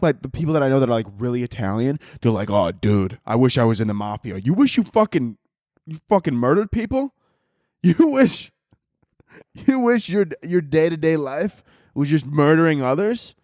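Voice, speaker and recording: A man's voice: fairly high pitch, darkish tone, no echo, studio quality. A man of twenty hosting a podcast, rambling through a crude, comedic monologue with lots of swearing and frequent laughter. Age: 20s. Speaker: podcast host.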